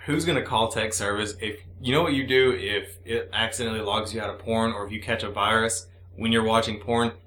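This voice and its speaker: A man's voice: lowish voice, a little fast, few pauses. A man in casual, crude banter, telling stories animatedly and acting out the dialogue. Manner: animated storyteller, acts out dialogue. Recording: echoey room with faint background hum.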